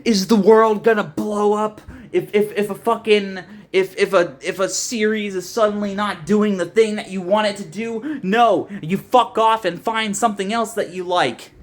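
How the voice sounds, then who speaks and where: A young adult video essayist ranting in a frustrated, profane, rambling way, with many restarts. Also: medium pitch. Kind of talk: ranting commentary.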